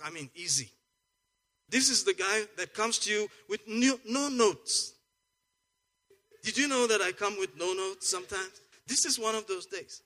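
A man delivers a sermon in a high, bright voice. He jokes and muses quietly, then bursts into loud, rousing exclamations. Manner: lively, jokey, swings from soft asides to loud exclamations. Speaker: pastor.

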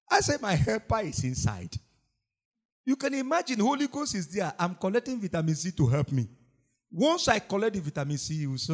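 Lively preacher, animated. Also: male voice, high voice, brisk. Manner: animated preaching with frequent laughter and repetition. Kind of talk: sermon.

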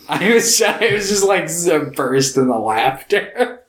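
A man co-hosting a casual film podcast, relaxed and agreeable, retelling scenes with fillers. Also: sits high, slow pace. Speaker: podcast co-host. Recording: echoey room.

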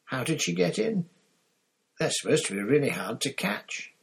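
A man voicing an awestruck teenage schoolgirl in a breathy whisper. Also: medium pitch, very animated, moderate pace, pitched above the performer's own voice, full character voice. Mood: awed.

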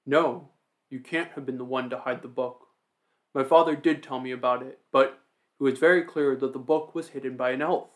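A man's voice: mid-range voice, steady tone, normal speed, natural voice. A man reading as an eager ogre man. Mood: earnest.

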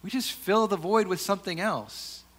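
Guy preaching a sermon, kinda high voice, talks casual and earnest, lots of restarts and soft asides. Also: normal speed. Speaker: pastor.

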